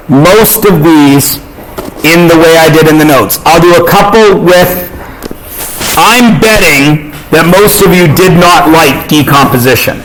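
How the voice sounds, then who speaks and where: A man's voice: a little high, poor audio. Casual man teaching a math class. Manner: informal, checks in with tag questions. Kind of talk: classroom lecture.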